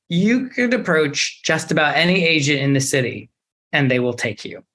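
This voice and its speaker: A young man speaks as an actor guest in a casual interview. He talks at a middle pitch and tells his story in a lively, expressive way. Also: moderate pace.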